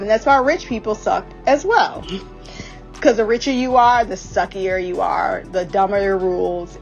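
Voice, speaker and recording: A woman's voice: mid-range voice, lo-fi sound. A woman giving a casual, blunt and profane TV recap. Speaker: podcast host recapping a TV series.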